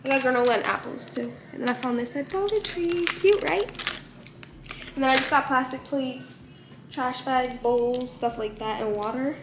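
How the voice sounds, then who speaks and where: A woman's voice: high voice, moderate pace, background noise. A woman in her twenties from Florida, chatting casually to her viewers in a vlog with a stuffy, congested nose from a cold. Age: 20s. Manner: laid-back, slangy, talks straight to viewers. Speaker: vlogger. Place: her apartment, indoors.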